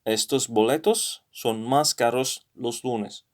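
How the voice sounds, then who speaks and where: A man with a British accent walks through a language lesson out loud, thinking as he goes, pausing often and correcting himself. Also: mid-range voice. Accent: British English. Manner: thinking aloud, explains patiently with many pauses and self-corrections. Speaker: language learner sharing lessons. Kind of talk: screen-recorded lesson walkthrough.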